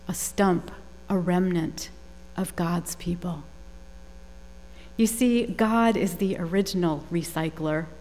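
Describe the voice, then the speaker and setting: A woman pastor leading prayer and giving a measured, thoughtful sermon in a church. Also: medium pitch, a little mellow. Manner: measured, thoughtful preaching with occasional fillers. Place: church sanctuary. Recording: long reverb of a large church hall.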